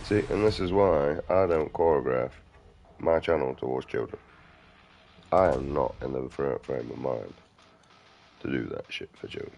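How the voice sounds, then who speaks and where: Middle-aged man, gravelly very low voice, crude outspoken vlog rambler. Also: moderate pace, pauses often, a little mellow, slight background noise. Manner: crude, outspoken, mumbling asides. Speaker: vlogger. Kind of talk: rambling casual monologue.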